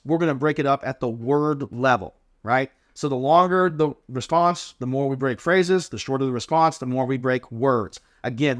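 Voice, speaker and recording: A man, a drill team coach, casually explaining inspection answers step by step and acting out sample replies. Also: mid-range voice. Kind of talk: casual instructional chat.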